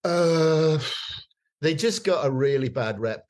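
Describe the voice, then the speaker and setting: A man's voice: fairly high pitch, animated, slow pace, a little mellow. A man, telling stories as a guest in a casual chat, rambling with many fillers and restarts. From northeast England.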